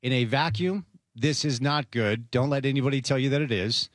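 A man hosting a sports show, delivering confident opinions. His voice is mid-pitched and sits close and dry on the mic, with no room sound. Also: a little fast, dry recording. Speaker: sports podcast host. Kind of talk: sports talk commentary.

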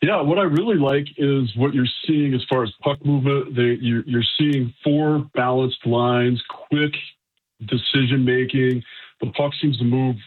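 Man, phoned-in hockey guest, upbeat, easygoing, husky voice, tinny phone line. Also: medium pitch, a little slow. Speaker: hockey podcast host, radio guest. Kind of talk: casual sports talk.

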